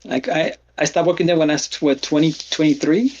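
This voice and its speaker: A man hosting a livestream, chatting casually and telling rambling stories with halting restarts. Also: fairly high pitch, lively intonation, darkish tone, muffled recording. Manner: rambling storyteller, laughs often, halting restarts. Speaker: stream host. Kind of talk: casual chat.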